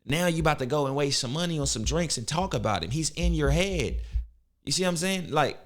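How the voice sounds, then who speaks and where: A man's voice: fairly high pitch, lively intonation, fairly quick. A man hosting a reaction video, mocking and teasing in casual slangy commentary.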